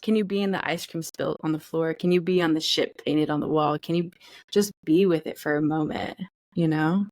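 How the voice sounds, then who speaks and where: A woman's voice: sits low, steady tone, normal speed, darkish tone, dry recording. A woman co-hosting a podcast in casual chat, candid and profane, acting out feelings in quoted voices. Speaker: podcast co-host.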